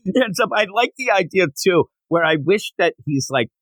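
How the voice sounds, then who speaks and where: A man on a podcast talking in a lively, swinging voice that climbs fairly high. He rants casually and drops into quick mocking impressions of characters. The sound is close and dry. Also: no room sound, low-quality recording. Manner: animated, mocks characters with quick put-on quotes. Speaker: podcast co-host. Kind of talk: casual comic book discussion.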